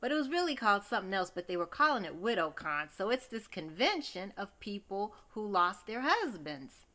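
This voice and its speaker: A woman's voice: mid-range voice, big pitch swings, moderate pace, sharp tone. A woman recapping a TV episode in a chatty, gossipy way, exclaiming often and talking straight to her viewers. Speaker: TV recap host.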